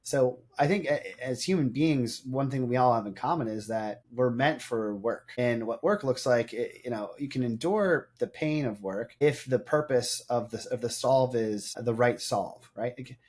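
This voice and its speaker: A man's voice: mid-range voice, moderate pace, hardly any pauses, darkish tone, breathy edge. Reflective male podcast host. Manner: reflective, often adds tag questions. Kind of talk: casual interview conversation.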